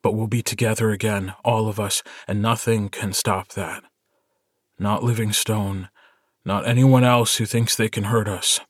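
A calm, earnest young werewolf alpha, voiced by a man reading an audiobook. He speaks low and unhurried, quietly firm and steady. The sound is dry and close to the mic. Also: no echo.

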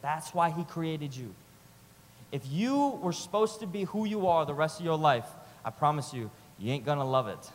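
Passionate preacher in a reverberant hall. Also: male voice, on the high side, animated, moderate pace. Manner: passionate, swings between loud urging and quiet intimacy; repetitive rhythmic phrasing. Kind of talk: sermon.

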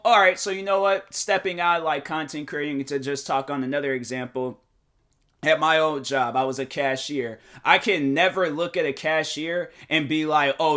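A man hosting his own podcast, talking in a casual motivational monologue, animated and defensive, full of fillers and restarts. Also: fairly high pitch. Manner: defensive, emphatic. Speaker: podcast host and YouTuber. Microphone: desk microphone.

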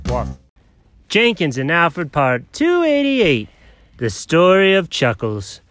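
A man's voice: a little high, wildly swooping pitch, slow, fairly bright tone, soft background music. Playful man drawling a comic intro. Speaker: show host and storyteller. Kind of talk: comic story narration.

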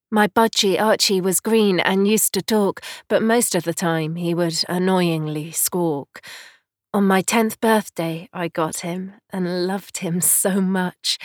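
A woman reading a poem and a short story aloud in a soft, solemn storytelling manner. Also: lowish voice, fairly even intonation, slow, no room sound, clean studio sound, faint music behind. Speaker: reader of poems and stories. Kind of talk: slow literary reading.

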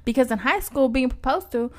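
A young woman co-hosting a podcast, telling a personal story bluntly, with lots of profanity and animated retelling. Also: high voice, fairly quick, a little hiss or hum. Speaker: podcast co-host. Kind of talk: candid casual chat.

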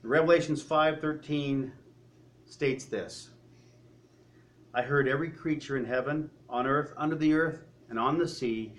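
Preacher, male, slightly higher pitch, storytelling sermon with rhetorical questions. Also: measured pace. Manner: drops to a quiet, low voice for solemn moments.

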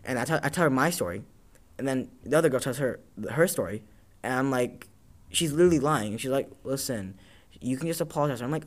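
A man's voice: a little high, lively intonation, brisk. A man from Tacoma hosting a casual talk show, telling rambling, profane stories and acting out what people said. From Tacoma, Washington, US. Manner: rambling storyteller, profane, acts out quotes. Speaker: podcast host. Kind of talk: casual chat.

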